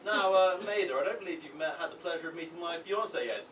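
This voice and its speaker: A man's voice: on the high side, quick pace, a bit bright, close to an everyday voice. A man playing a pompous, airy posh young brother in an improvised stage comedy. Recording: echoey live stage from far off, noisy.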